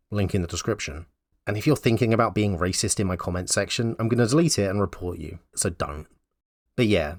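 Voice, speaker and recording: A man's voice: on the low side, dry recording, clean studio sound. A man giving blunt, wry opinion commentary in a conversational way. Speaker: YouTube commentator.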